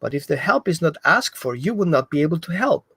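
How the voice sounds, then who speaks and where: A man explaining dog training in an animated way, acting out what the dog thinks. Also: a little high, fairly quick, breathy edge, no echo. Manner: animated, acts out the dog's thoughts. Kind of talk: explanatory talk.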